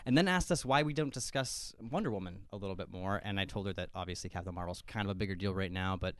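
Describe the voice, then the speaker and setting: A man co-hosting a casual podcast, relaxed and rambling with hesitant asides. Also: low-pitched, fast, no echo. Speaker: podcast co-host. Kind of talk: casual group chat.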